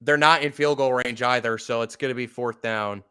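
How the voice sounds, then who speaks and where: Smooth-voiced man calling plays live. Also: mid-range voice, moderate pace. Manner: swearing, apologetic and upset, bursts of excitement on plays. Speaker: play-by-play podcast host. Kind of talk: live fan play-by-play commentary.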